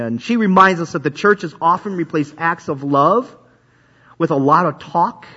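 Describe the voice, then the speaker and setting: A man's voice: fairly high pitch, fairly bright tone. A man preaching a sermon in a conversational way, often repeating himself and restarting sentences. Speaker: pastor. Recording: dull lo-fi recording.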